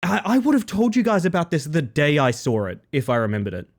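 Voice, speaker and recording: Slightly sick, lively young streamer man. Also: a little high, quick pace. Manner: playful, jokey banter, greeting viewers by name. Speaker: live streamer. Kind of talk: casual live-stream chat with viewers.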